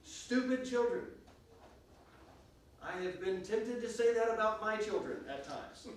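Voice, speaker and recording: A man's voice: high-pitched, normal speed, a little hiss or hum. A man teaching a church Bible class, emphatic and stopping often to restart or to ask the class questions. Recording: echoey room, recorded from a distance.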